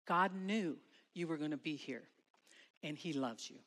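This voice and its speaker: A middle-aged woman speaking at a school chapel, telling her story to students dramatically and acting out her shouts. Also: sits low, a little slow. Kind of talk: emotional testimony to students. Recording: long hall reverb.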